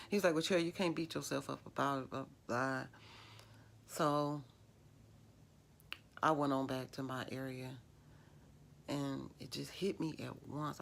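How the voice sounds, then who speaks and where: A woman's voice: deep voice, vocal fry, a bit bright. A middle-aged woman, telling a personal story in a vlog, emotional and rambling with many fillers. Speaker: vlogger.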